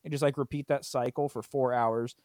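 A young man telling a story in casual chat, profane and animated. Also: mid-range voice, a little fast, no echo, clean studio sound.

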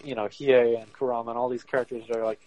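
A man's voice: medium pitch, little pitch movement, fast, darkish tone, muffled recording. A man co-hosting a podcast in casual chat, rambling with many fillers and laughing often. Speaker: podcast co-host.

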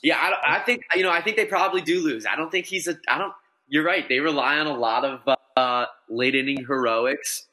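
Bright-voiced excitable man chatting sports. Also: on the high side, fairly quick. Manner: excited, rambling, many restarts. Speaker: podcast co-host. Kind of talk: casual sports chat.

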